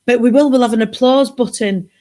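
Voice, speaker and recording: Bubbly chatty woman host, higher voice. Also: brisk, warm tone. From Britain. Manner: bubbly, chatty, rambling asides. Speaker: livestream host. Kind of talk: casual live chat. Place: home sofa.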